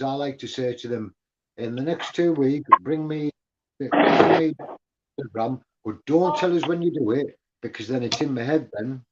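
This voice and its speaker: A man on a call giving earnest advice in casual chat, often repeating himself. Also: mid-range voice. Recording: muffled lo-fi call audio with faint noise.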